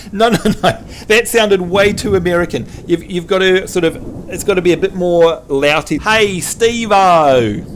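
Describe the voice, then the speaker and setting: A man's voice: sits high, steady tone, normal speed, a little hiss or hum. A man with a mixed New Zealand and Australian accent hosting a game livestream, joking, teasing and laughing often. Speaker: game streamer host. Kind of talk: casual livestream chat.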